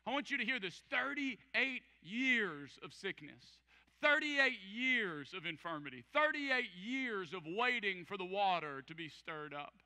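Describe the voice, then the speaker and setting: A pastor delivering an emphatic sermon, repeating key phrases and acting out quoted voices. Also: male voice, sits high, sing-song, a little slow, bright, forceful tone. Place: large church hall. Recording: church hall with long reverb.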